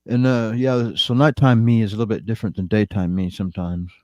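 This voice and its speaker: A man's voice: on the low side, level tone, a little fast, darkish tone, no room sound, highs cut off. A man chatting casually on a livestream, telling stories about himself in a laid-back, self-mocking way. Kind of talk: casual chat.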